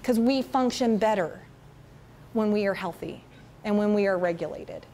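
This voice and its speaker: A woman giving a chatty, animated talk to a room of parents, often tossing questions to the audience. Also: medium pitch, normal speed, slight background noise. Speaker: school parent education presenter. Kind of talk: casual presentation to parents.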